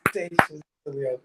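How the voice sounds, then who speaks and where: A man with a fairly high voice hosts a casual panel chat. He is upbeat and friendly, and he laughs easily between remarks. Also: noisy background. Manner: hype, friendly, laughs often. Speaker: podcast host.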